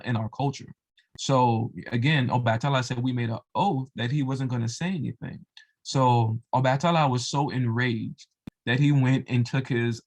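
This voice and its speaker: A man retelling a devotional folk tale in a loose, casual way, with lots of fillers and asides. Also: mid-range voice. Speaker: storyteller of religious tales. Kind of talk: casual oral storytelling.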